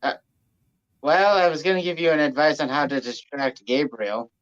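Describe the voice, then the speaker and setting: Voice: medium pitch, moderate pace. Matter-of-fact player on a muffled mic. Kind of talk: casual tabletop play.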